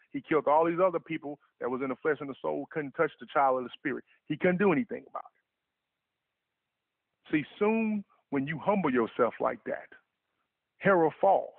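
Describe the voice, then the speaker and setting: A man's voice: a little high, gravelly, no echo. A male preacher delivering an emphatic, repetitive sermon on internet radio, often saying "notice". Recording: tinny phone line.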